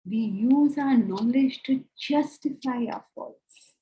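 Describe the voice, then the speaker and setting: A woman giving a spiritual lecture, earnest and animated, acting out the inner voices she quotes. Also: fairly high pitch, slow, muffled recording. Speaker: Vedanta teacher.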